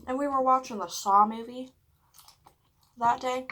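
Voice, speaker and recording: A woman vlogger telling a story casually while eating, chatty and full of "like", swearing often and dropping into hushed whispers at dramatic moments. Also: high-pitched, lively intonation, normal speed, long pauses, slight background noise. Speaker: mukbang vlogger.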